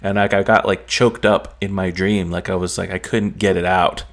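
A man's voice: deep voice, flat delivery, moderate pace, a bit bright. A man casually recounting a dream in a rambling way, full of fillers. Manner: rambling, heavy on "like" and "um".

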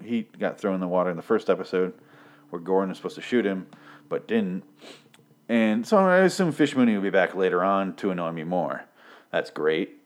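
A young man with a fairly low voice, talking through a casual recap of a show. He is sarcastic and profane and rambles with frequent ums and uhs. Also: a little mellow. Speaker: TV episode recapper.

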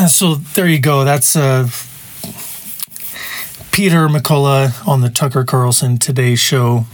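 A man's voice: medium pitch, fairly even intonation, takes it slowly, pauses often. A man hosting a podcast, talking in a rambling, conversational monologue with asides. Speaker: podcast host. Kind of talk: casual opinion monologue.

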